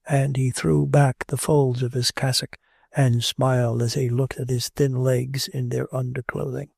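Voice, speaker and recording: A man narrates a classic novel with a deep gravel in his voice and a dark, mellow tone. His delivery is measured and steady, with a dry close sound and a husky grain. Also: no echo. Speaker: audiobook narrator. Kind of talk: audiobook narration of classic fiction.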